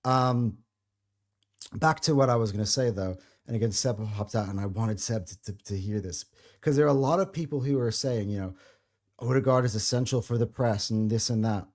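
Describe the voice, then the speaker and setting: A man's voice: lowish voice, moderate pace, darkish tone. A man hosting a football podcast, chatting in a friendly, enthusiastic way that is full of restarts. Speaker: podcast host. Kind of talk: casual football podcast chat.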